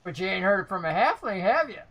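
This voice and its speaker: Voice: medium pitch, big pitch swings, fast talker, a bit bright. A game master voicing a small, cocky male halfling ship crewman who fancies himself a ladies' man, in a folksy drawl. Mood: flirty, boastful. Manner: folksy, boastful, drawls "ain't ya".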